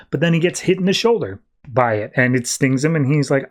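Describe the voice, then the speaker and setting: A man's voice: mid-range voice, expressive, a little fast. A man hosting a podcast, casually recapping a comic with loose, filler-heavy paraphrase. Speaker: podcast host.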